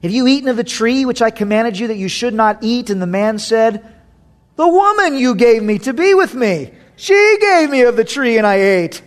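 A man's voice: very high-pitched, big pitch swings, moderate pace. A man pastor preaching a sermon, reading scripture and joking, with sudden dramatic swings in his delivery.

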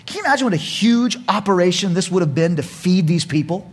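Animated husky male pastor preaching. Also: sits high, fast. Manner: animated, acts out voices, laughs often. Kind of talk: sermon.

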